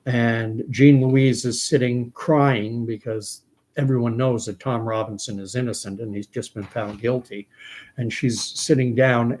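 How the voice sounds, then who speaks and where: Canadian man retelling a story. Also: medium pitch. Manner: storytelling retelling a scene, reflective. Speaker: host. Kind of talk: commentary.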